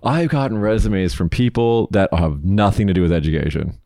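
Man from the States, podcast host, lowish voice, loose rambling chat, dry close sound. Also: brisk, dark tone, no echo. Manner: loose, rambling, swears casually. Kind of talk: casual news chat.

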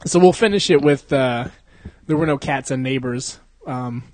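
A man's voice: mid-range voice, normal speed, a little mellow, no room sound. A young man chatting casually as a podcast host, rambling, swearing often and laughing a lot. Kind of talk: casual chat.

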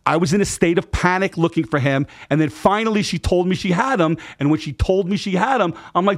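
Animated, emphatic middle-aged man. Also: high voice, fast, hardly any pauses. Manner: emphatic, animated retelling with acted quotes and profanity. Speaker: podcast guest. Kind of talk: casual storytelling interview.

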